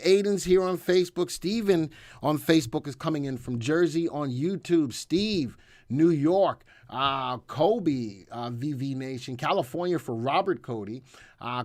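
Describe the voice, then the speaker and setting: A man's voice: a little high, fairly bright tone, no room sound, clean studio sound. A man hosting a casual live stream as a senior instructor, chatting and reading viewer comments aloud. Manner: chatty, reads out viewer comments, talks to an off-camera helper. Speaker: senior instructor and livestream host.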